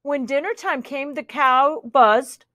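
A woman reading a children's picture book aloud in an animated, playful way, commenting on the pictures. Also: high voice, slow, no echo, studio quality.

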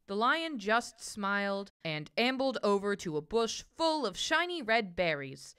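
A woman reads a children's picture book aloud in a bright, clear voice. Her storytelling is gentle and expressive, and her pitch moves up and down a lot. She gives each line its own colour. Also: a little slow, hardly any pauses.

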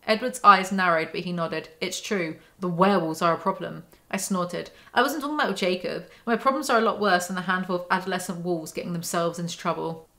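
A woman breaking down a novel for her channel, her voice bright and forceful. She reads passages aloud in a dry, even tone, then cuts in with sarcastic, mocking remarks. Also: fairly low pitch, a little fast. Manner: sarcastic, mocking asides between dry readings. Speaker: book commentary YouTuber.

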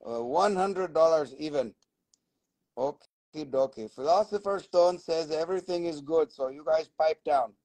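A man's voice: a little high, darkish tone, no echo, poor audio. A middle-aged man hosting a casual live sales stream for minerals, rambling and swearing as he goes. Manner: rambling and profane, swearing often.

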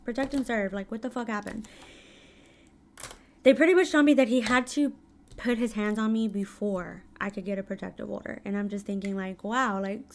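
A woman in her thirties candidly telling a painful personal story in a casual vlog, full of fillers and emotion. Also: mid-range voice. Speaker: vlogger. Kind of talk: casual storytelling while doing makeup.

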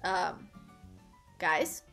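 A woman's voice: very slow, soft background music. A woman streaming a game, chatting casually with her viewers and reading game lines aloud. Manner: animated, talks to chat and reads game lines aloud. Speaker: gaming streamer. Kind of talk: casual gameplay commentary.

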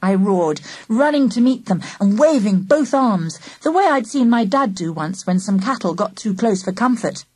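A woman reads a children's book aloud in a first-person narrator's voice. Her pitch rises and falls with lots of life, and her tone has a husky grain. The recording is dry and close. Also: moderate pace, hardly any pauses, dry recording. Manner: lively, animated first-person storytelling. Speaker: audiobook narrator. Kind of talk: storybook narration.

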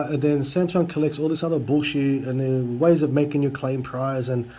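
A man telling a casual story to his viewers, reading chat messages aloud with sarcastic, deadpan asides and mimicking the other side's lines. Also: fairly quick, hardly any pauses. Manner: mimics the scammers' lines in a higher voice. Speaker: youtuber.

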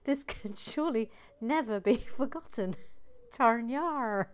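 A woman hosting a relaxed brick-building stream, chatting playfully and reading out viewer comments with many asides. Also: a little high, slow.

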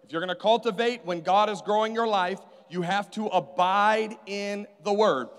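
A man's voice: high voice, normal speed, clear, resonant tone. A man preaching a sermon as pastor, calling out to his congregation for responses. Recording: hall reverb.

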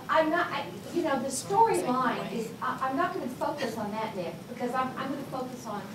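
A Texas-raised woman in her sixties, a college instructor who gives an informal, rambling public lecture and talks straight to her audience. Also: a little high. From Texas, USA. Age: 60s. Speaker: college instructor giving a talk. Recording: echoey room, distant mic, background noise.

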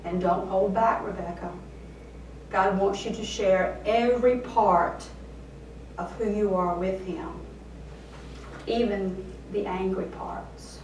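Kindly father coaching his daughter, voiced by a woman preacher; slow delivery, echoey far-off pickup. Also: mid-range voice, fairly even intonation, slight background noise, natural voice. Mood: gentle. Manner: warm, fatherly coaxing. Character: gentle, encouraging father of a teenage girl. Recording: roomy sound, voice from far off.

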